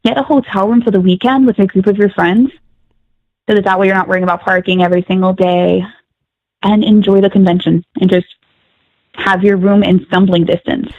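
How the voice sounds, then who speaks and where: A woman guest calling in to a podcast, chatting in an upbeat way with quick asides. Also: medium pitch, fairly even intonation, no room sound, narrow, tinny audio. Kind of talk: casual chat.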